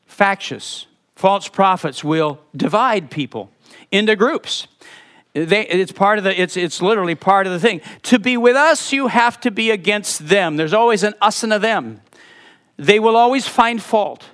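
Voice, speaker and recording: A man preaching a sermon as pastor, animated, with sudden drops to a soft voice. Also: sits high, measured pace.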